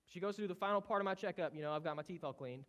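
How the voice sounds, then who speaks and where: A man with a hoarse voice from a cold, giving a casual, conversational sermon as pastor. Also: high voice, rapid-fire. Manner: casual, conversational preaching with rising intensity. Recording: muffled, with loud guitar behind. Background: worship team playing guitar.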